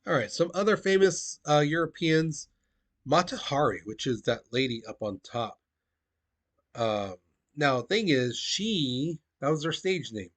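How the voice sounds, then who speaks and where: A man's voice: fairly high pitch, lively intonation, measured pace. A man teaching a recorded history lesson to his students, casual and conversational, often checking in with "okay?".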